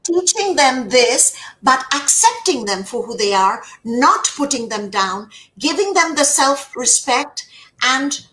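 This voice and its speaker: A woman's voice: high voice, very animated, slow pace, sharp tone, slight background noise, rough recording. A middle-aged woman who works as a communication trainer, speaking emphatically in an interview and repeating her words. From United States. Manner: emphatic, repeats words, acts out quoted speech. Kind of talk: conversational interview.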